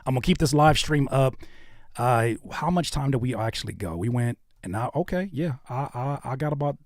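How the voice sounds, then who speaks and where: A man hosting a casual live stream, talking in an animated way that swings between loud outbursts and low muttering. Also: no room sound, studio quality. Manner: animated, quick shifts between shouting and muttering. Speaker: host of a live stream channel.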